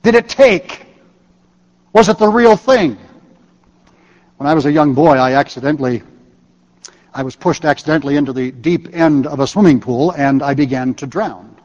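A man with a high voice preaching a sermon, unhurried and deliberate, and sinking to a quiet hush on his key points. His words carry a long reverb, as though spoken in a large hall. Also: lively intonation, highs cut off. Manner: measured, dropping to soft emphatic low tones at key phrases.

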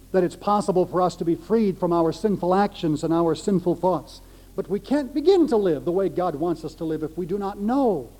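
A male pastor delivering a sermon in an emphatic way, repeating key phrases. His voice sits high for a man but sounds mellow and dark in tone.

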